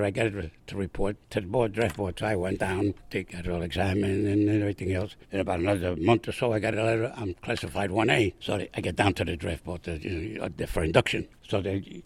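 Older man from Puerto Rico, raspy veteran storyteller, very lively pitch, dry close sound. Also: dry recording. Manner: animated storyteller, acts out quoted voices, laughs often. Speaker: veteran guest. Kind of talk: storytelling interview.

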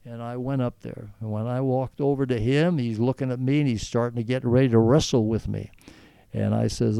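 An older man speaks earnestly in an interview, wandering from thought to thought with frequent restarts. His voice is very dark and gravelly, at a middling pitch, and the sound is dry and close. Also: steady tone, moderate pace, no echo. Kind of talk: storytelling in conversation.

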